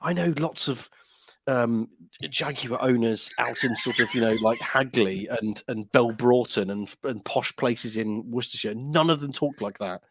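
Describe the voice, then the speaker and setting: A man's voice: medium pitch, a little slow, fairly bright tone, husky, no room sound. A man co-hosting a casual podcast, rambling and joking with lots of fillers and restarts. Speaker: podcast co-host.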